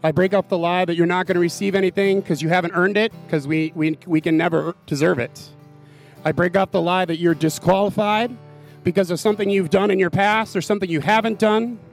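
A man's voice: high-pitched, fairly even intonation, brisk, gravelly. A man leading an earnest spoken prayer in a church service. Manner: earnest, softly declarative. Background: guitar music.

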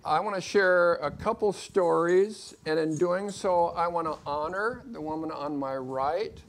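A man with a somewhat high voice addresses a congregation. He tells his testimony in a folksy, anecdotal way, with touches of dry humor. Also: a bit bright, slight background noise. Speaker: ministry leader speaking to a congregation.

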